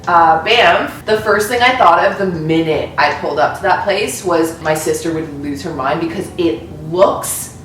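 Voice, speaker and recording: A young woman in her twenties hosting a casual chat with her sister, giggly and animated in her storytelling. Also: fairly low pitch, normal speed, far from the mic. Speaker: channel host. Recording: roomy echo, off-mic, faint hiss.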